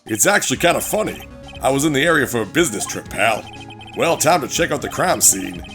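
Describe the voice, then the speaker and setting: A man voicing a gruff but friendly male police detective who talks casually and heartily. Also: medium pitch, expressive, a little fast, a bit bright, soft background music, lightly acted. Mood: hearty. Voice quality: hearty, casual "pal" talk.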